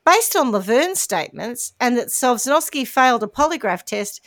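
A woman's voice: fairly high pitch, sing-song, moderate pace, no echo. A woman podcast host telling a true crime story in a chatty, wry way. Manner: chatty, wry, tells the case in detail.

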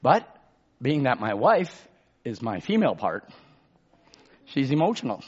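A pastor preaching a sermon. He drops to a murmur, then shouts for emphasis and calls out to the congregation for amens. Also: sing-song, normal speed, pauses often, muffled recording. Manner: swings between low murmurs and loud shouted emphasis.

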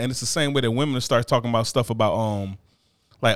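A man's voice: mid-range voice, very animated, fast talker, dry recording, studio quality. A man on a casual podcast chat, talking bluntly and with lots of profanity, often checking in with "you know what I mean". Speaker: podcast co-host.

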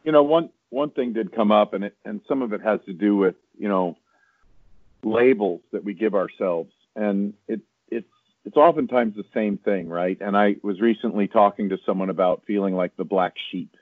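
A man's voice: on the low side, normal speed, no echo. Earnest man on a tinny phone line. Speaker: guest. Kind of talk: reflective conversation.

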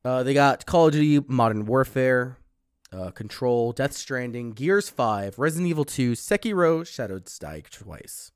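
A man's voice: mid-range voice, animated, a little slow, smooth, no echo, clean studio sound. A young man co-hosting a casual chat, blunt and swearing freely as he reads out lists. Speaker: podcast co-host.

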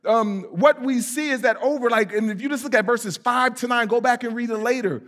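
Man preaching, light high voice, chatty and emphatic, plays out little voices. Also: a little fast. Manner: conversational, animated, rising to emphatic peaks on scripture; acts out quoted voices for comic effect. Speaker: pastor. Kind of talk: sermon.

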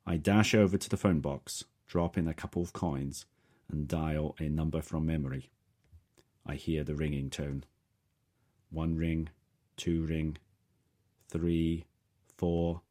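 A man narrating a first-person story in a steady, measured way. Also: rumbling low. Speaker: audiobook narrator.

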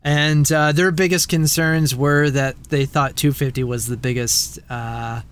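A man's voice: a little high, flat delivery, measured pace, slight background noise. A man co-hosting a casual podcast about collectible figures, laughing often and talking loosely. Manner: laughs often, puts on silly voices. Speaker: podcast co-host. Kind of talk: casual chat.

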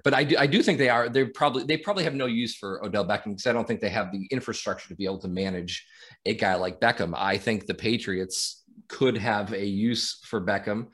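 A man on a casual sports podcast, giving his views haltingly and repeating words as he thinks. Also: lowish voice, a bit bright. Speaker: podcast co-host.

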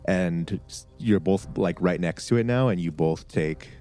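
A man's voice: low voice, measured pace, dark tone, soft background music. A man running a tabletop game as game master, rambling with many fillers and laughing often.

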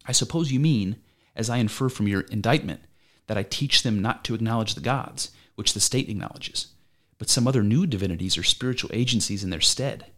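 This man's natural voice sits on the low side, fairly quick and a bit bright. Reading for an amateur drama, he plays an elderly philosopher on trial who argues back at his accuser through probing, pointed rhetorical questions.

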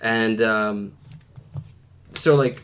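A man's voice: fairly low pitch, slight background noise. Easygoing man chatting about TV. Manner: relaxed, frequent backchannel, halting restarts. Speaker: podcast host. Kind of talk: casual chat.

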